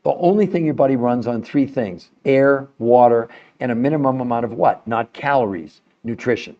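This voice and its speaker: An older man hosting a live stream, talking to the chat in an emphatic, salesy way, with his voice jumping high on key points. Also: warm tone, highs cut off.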